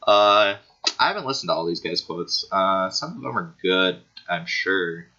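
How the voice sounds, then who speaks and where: A man talking casually over gameplay, rambling and laughing at what amuses him. His voice sits low but swings up and down a lot, with a sharp, bright tone. The recording is dull and lo-fi, from a computer microphone. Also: expressive, moderate pace. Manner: rambling, giggly, easily amused. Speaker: gaming YouTuber. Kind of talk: casual gaming commentary.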